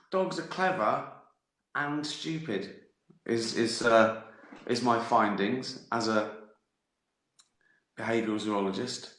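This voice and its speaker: In a roomy-sounding livestream, a comedian with a mid-range, somewhat bright voice chats casually with viewers. He hops between jokes, curses freely and cracks himself up.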